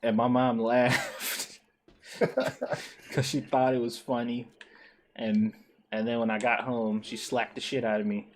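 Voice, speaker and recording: A man streaming a co-op game, telling a school story in animated, profane casual chat with frequent laughs. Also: mid-range voice, unhurried, long pauses, a little hiss or hum. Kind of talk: casual chat while gaming.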